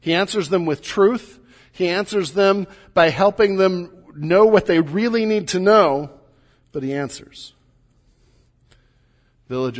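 Middle-aged guy preaching, chatty teaching sermon, highish voice, echoey church hall. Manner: conversational teaching with light humor. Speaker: pastor. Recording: long hall reverb.

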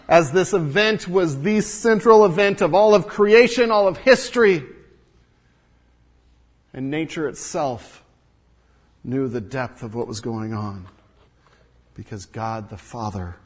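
Guy preaching a sermon, pretty high voice, goes hushed then loud, keeps repeating himself. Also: lively intonation, a little slow, long pauses, husky. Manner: dynamic, swings from hushed low tones to loud emphatic peaks; preaches with repetition and rhetorical questions. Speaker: pastor.

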